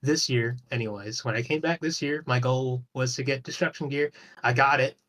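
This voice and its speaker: A man's voice: medium pitch, steady tone, moderate pace, fairly bright tone. A man talking as a guest on a podcast in a loose, rambling way, swearing casually and restarting his sentences often. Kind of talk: casual chat about an online game.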